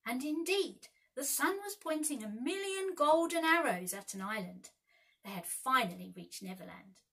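A woman teacher reading a children's storybook aloud with lively expression. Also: high voice, moderate pace, creaky, breathy edge, rough recording.

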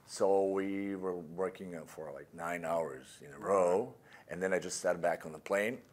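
A man's voice: low voice, measured pace. A man with a Serbian accent, a Serbian native speaker, chatting in an interview and rambling with lots of fillers. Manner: rambling with many fillers, like and you know. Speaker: actor guest. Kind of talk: casual interview chat.

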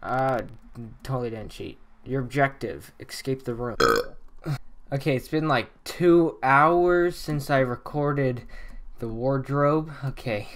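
A man giving casual gameplay commentary at his computer, muttering to himself with sudden excited outbursts. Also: mid-range voice, slow pace. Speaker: gaming channel host.

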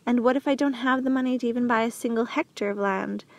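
A woman's voice: on the high side, fast talker, natural voice. A woman voicing an outspoken, earnest male prisoner in an audiobook, blunt and pleading. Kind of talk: audiobook character reading.

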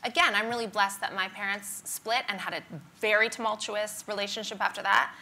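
A woman in her thirties from Canada with a Canadian accent softened by years in Britain, a stand-up comedian chatting wryly and self-deprecatingly in an onstage interview. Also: mid-range voice, steady tone, vocal fry. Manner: chatty, wry, self-deprecating, quick asides. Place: conference stage before an audience.

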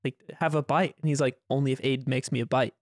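A man's voice: mid-range voice, steady tone, fast talker, no room sound, clean studio sound. A man co-hosting a podcast, chiming in eagerly and retelling events with lots of filler and some swearing. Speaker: podcast co-host. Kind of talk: casual chat.

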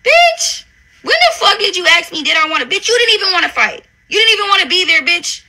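Very high-pitched and fast, her bright, forceful voice rises and falls with lively intonation. She's a reality TV personality on a livestream, angrily hurling profane insults at someone who wronged her and repeating "bitch" constantly in a confrontational rant.

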